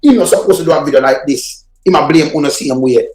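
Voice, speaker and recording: A man with a Jamaican Patois accent rants at top speed, his voice pitched high as he swears and hurls insults. He is hosting a reaction show from an echoey room, with faint music behind him. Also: fast talker, a little mellow. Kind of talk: heated commentary on played clips.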